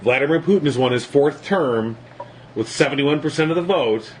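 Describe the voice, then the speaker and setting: A man's voice: on the high side, normal speed, a little hiss or hum, rough recording. A man co-hosting a podcast in casual political chat, setting up topics and making dry quips. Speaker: podcast co-host.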